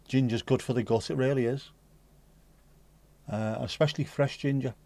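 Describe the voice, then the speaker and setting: A man's voice: medium pitch, fairly even intonation, brisk, gravelly, dark tone, dry recording. A man hosting a casual livestream, chatting to viewers and answering the chat aloud, swearing now and then. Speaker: livestream host reading chat. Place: home streaming setup.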